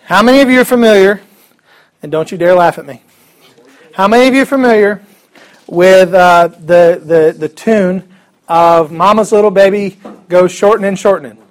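A man's voice: sits high, moderate pace. A man teaching a Bible class in a casual, joking way, chuckling often and restarting his sentences.

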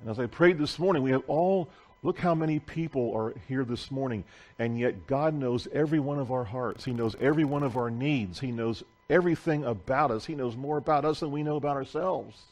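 A man preaching a sermon to a congregation in a church, reading scripture aloud with deliberate pauses. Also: medium pitch, darkish tone.

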